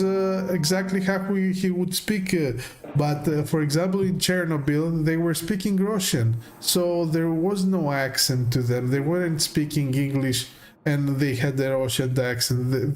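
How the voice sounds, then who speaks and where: Male streamer, unhurried and halting, voice a bit high; casual explaining over gameplay. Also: darkish tone. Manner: hesitant, many fillers and restarts, explaining. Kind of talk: casual chat while playing a game.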